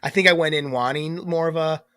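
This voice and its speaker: A man's voice: a little high, a little fast, no echo. A man co-hosting a podcast in casual chat, his voice stuffed up and congested, joking as he tells stories. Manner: chatty, joking, lively storyteller. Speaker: podcast co-host.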